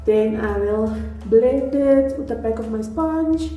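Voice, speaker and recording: A woman's voice: fairly high pitch, slow pace. Chatty woman with a put-on Nigerian accent. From South Africa. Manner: chatty, excitable, self-deprecating. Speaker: beauty vlogger. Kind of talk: casual makeup tutorial. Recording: echoey room with faint music.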